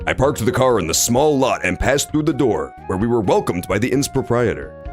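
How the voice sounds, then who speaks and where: Man streaming a game, wildly animated. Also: mid-range voice, fairly quick, soft background music. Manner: joking, swearing, reads dialogue aloud. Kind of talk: casual game commentary.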